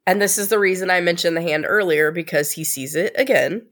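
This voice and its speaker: A woman's voice: on the low side, fairly quick, a bit bright. A woman co-hosting a casual TV recap podcast, laughing often and adding thoughtful asides. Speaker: co-host.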